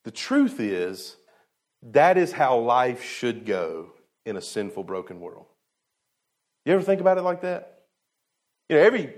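A man preaching a sermon in a casual, colloquial way, his voice swinging from loud to hushed and slowing down for emphasis, with asides to the congregation. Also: mid-range voice. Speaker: pastor.

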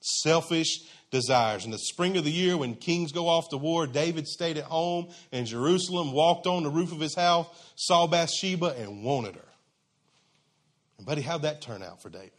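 A man's voice: fairly high pitch, expressive, moderate pace. A man preaching a sermon in a conversational, emphatic, folksy way.

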